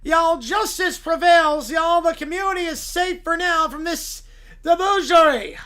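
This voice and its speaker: Figure: a man playing an indignant Southern lawyer. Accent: put-on Southern US drawl. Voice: high, bright, loud and preachy. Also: measured pace, exaggerated voice. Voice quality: booming, preachy, folksy sayings. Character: loud self-righteous Southern male lawyer, moralizing. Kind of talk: comic improvised courtroom role-play.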